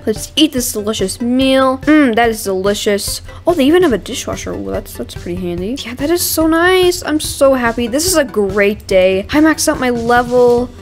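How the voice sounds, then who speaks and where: An excitable young woman talks through her gameplay in a casual, chatty way, gasping at new things and restarting her sentences. Her voice sits a little high, with soft music playing underneath. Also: normal speed, hardly any pauses. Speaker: gaming channel host.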